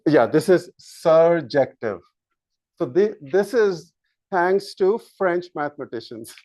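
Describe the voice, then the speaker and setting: A man lecturing a university math class, slow and halting, with frequent fillers and restarts while he draws on the board. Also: on the high side, lively intonation, a little mellow, no room sound. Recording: dull lo-fi lecture capture.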